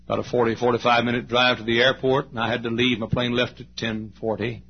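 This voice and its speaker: A preacher in his late fifties with a husky voice tells a story from the pulpit, letting his voice rise high and loud before dropping to a hush. The recording is dull and lo-fi, like an old church tape. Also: little pitch movement, fast. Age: late 50s. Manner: dramatic storyteller, swings from loud to hushed. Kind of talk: storytelling sermon.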